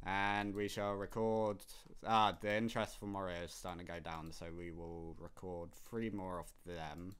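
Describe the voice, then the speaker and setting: A man's voice: on the low side, steady tone, moderate pace, a bit bright, clean tone. A young man casually commenting on his own gameplay, rambling and often laughing. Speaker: gaming YouTuber.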